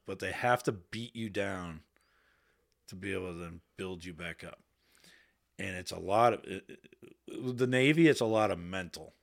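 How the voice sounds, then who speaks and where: This male podcast guest, a Navy veteran from around Boston, has a lowish voice with vocal fry and a moderate pace. Sitting in a podcast studio, he spins casual stories candidly, cursing freely and raising his voice when quoting himself.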